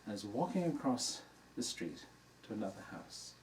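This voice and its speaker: Speaking in a lowish, sing-song voice at normal speed, an older dharma teacher shares an easygoing story with a hall audience and laughs along at it. The recording comes from a distant microphone, with faint room noise.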